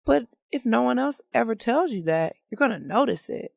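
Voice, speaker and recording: A woman guest on a casual podcast, calmly reasoning through her opinion in a debate. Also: on the high side, normal speed, vocal fry, no room sound, studio quality.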